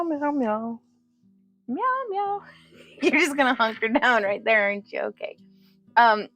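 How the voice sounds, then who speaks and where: A woman with a fairly high, creaky voice hosts a casual jewelry-making livestream from her home craft room. She chats with viewers, laughs often, and coos at her cat.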